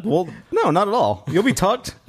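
A man with a West Texas accent co-hosting a podcast, joking in quick playful banter. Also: high-pitched, very animated. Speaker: podcast co-host. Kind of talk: casual chat.

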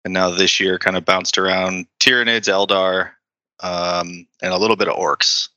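A man with a deep but very forceful voice, recorded dry and close. He talks as a podcast guest, relaxed and modest about his wins. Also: normal speed, no room sound, muffled recording. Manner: easygoing, modest. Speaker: guest player. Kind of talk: casual interview answers.

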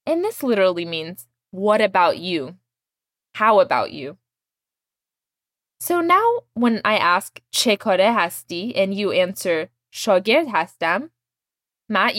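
A woman teaching a language lesson, explaining words patiently and clearly and modeling each one for her student to repeat. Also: medium pitch, sing-song, moderate pace, fairly bright tone, dry recording, studio quality.

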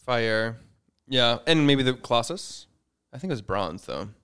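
A man's voice: medium pitch, animated, measured pace, a bit bright, smooth. A man co-hosting a podcast in casual chat, jokey and laughing often, trailing off mid-sentence. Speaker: podcast co-host.

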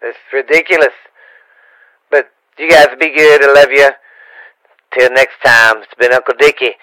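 A man's voice: mid-range voice, moderate pace, bright, forceful tone, clear, resonant tone, no echo, low-quality recording. A man from Louisiana with a Cajun accent, chatting as a podcast guest in a rambling, stammering way with playful rhymes. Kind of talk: casual podcast banter.

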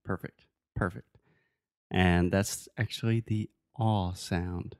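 A man leads a relaxed lesson-style chat. He patiently coaches pronunciation, drawing sounds out and teasing gently. The sound is dry and close. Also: low-pitched, no room sound. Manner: patient, playful, corrects pronunciation slowly. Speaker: co-host teaching English. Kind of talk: casual language-lesson chat.

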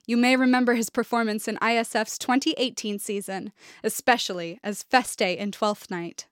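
A woman hosting a podcast, reading sponsor credits and introductions in a clear, measured manner. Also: fairly high pitch, steady tone, no room sound, clean studio sound. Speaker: podcast host and artistic director. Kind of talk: scripted host announcements.

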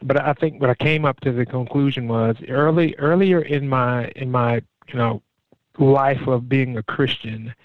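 Middle-aged male pastor, earnest and animated, dry dull lo-fi sound. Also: medium pitch, moderate pace, no echo. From Jacksonville, Florida. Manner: earnest, animated storytelling with frequent "man". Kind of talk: conversational interview.

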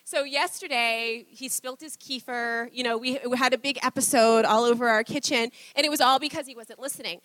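Woman preacher, high and bright, close dry sound, casual sermon with frequent laughs. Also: fairly even intonation, fairly quick, hardly any pauses, no room sound. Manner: chatty, laughs often, acts out quotes. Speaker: pastor. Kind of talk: conversational sermon.

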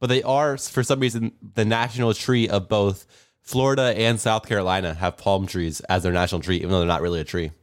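A man's voice: lowish voice, fairly even intonation, fast talker, no echo, studio quality. A young man co-hosting a podcast in a playful, joking way, throwing out trivia. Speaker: podcast co-host. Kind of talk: casual chat.

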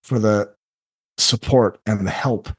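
A middle-aged man who works as a life coach, talking earnestly on a podcast and often acting out other people in quick asides. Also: lowish voice, husky. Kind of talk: candid podcast conversation.

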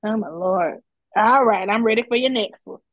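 A woman co-hosting a podcast in casual chat, sassy and animated, telling stories with lots of laughter. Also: medium pitch, normal speed, dry recording, phone-quality sound. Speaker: podcast co-host.

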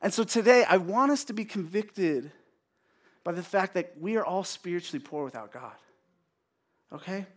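A man's voice: high voice, expressive. A chatty, self-joking male preacher. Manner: conversational and self-joking, with quick asides. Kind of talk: sermon.

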